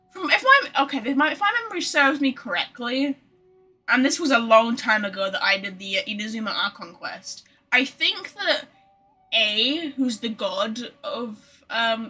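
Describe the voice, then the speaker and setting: A woman's voice: a little high, bright, forceful tone. A woman streaming a video game, chatting casually, swearing freely and talking to her cat. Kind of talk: casual gameplay commentary.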